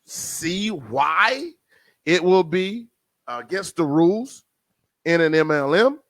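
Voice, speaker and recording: A man with a New Jersey accent hosting a casual podcast, addressing listeners as family and swinging between loud and soft. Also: a little high, lively intonation, takes it slowly, no room sound. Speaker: podcast host.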